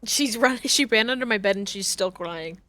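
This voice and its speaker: A woman's voice: mid-range voice, normal speed, bright, forceful tone, no echo. A woman streaming a game, chatting casually, laughing often and talking to her cat. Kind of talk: casual gameplay chat.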